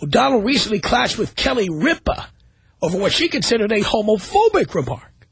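Man, talk radio host, high husky voice, sarcastic, dry close studio sound. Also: sing-song, brisk, dry recording. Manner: sarcastic, reading news items aloud with commentary.

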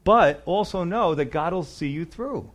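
A man's voice: on the high side, expressive, a little slow. A man preaching a sermon, earnest and emphatic, often adding "you know" and "you see". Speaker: pastor.

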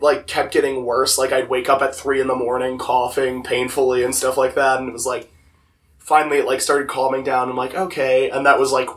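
A young man with a slightly hoarse voice, telling stories casually on a podcast with lots of "like". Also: mid-range voice, fairly bright tone. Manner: rambling, lots of "like". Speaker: podcast co-host. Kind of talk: casual storytelling chat. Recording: voice distant from the mic.

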